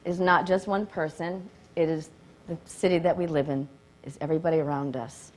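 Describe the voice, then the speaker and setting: A woman giving an excited, grateful acceptance speech at a live award event, laughing often and nervous enough that her hands shake. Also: deep voice, normal speed, slight background noise.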